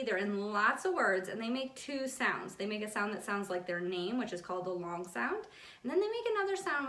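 A young woman leads a preschool circle time in a sing-song, encouraging voice. Her pitch swings high and low, a little higher than most women's. She sits a bit back from the mic in an echoey room. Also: sharp tone, far from the mic. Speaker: preschool teacher. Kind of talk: online circle time lesson for young children. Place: home room.

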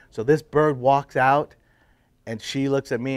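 A middle-aged man telling his personal faith story to a men's group, drifting into hushed, emotional moments. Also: mid-range voice, fairly even intonation, moderate pace, no echo. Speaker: testimony speaker at men's breakfast.

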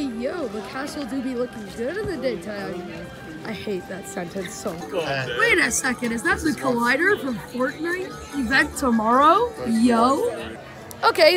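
An excitable woman with a high voice chats casually into a handheld camera, bursting into shrieks and laughs. Behind her a theme park crowd bustles, and music plays clearly. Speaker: vlogger. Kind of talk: casual travel vlog.

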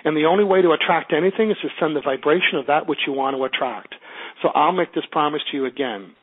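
A man's voice: on the high side, quick pace, slightly rough. A man with a Canadian accent teaching a class by phone, upbeat and coaching, asking the class questions. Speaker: teleclass teacher. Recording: tinny phone line.

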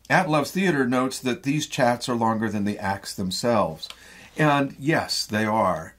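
Man, Midwestern American accent, theatre professor, lecture, low voice, husky, filler-heavy storytelling. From Midwestern United States. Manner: animated storyteller with frequent fillers. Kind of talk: lecture retelling a play.

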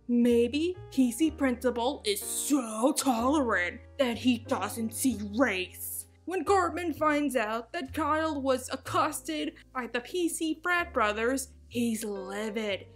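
A woman narrating a scripted video essay with wry, sarcastic asides. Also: a little high.

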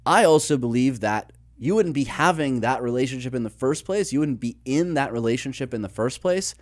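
A man's voice: mid-range voice, lively intonation, fairly quick. A man co-hosting a podcast, explaining research in an explanatory manner, listing ideas and telling illustrative stories. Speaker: podcast co-host.

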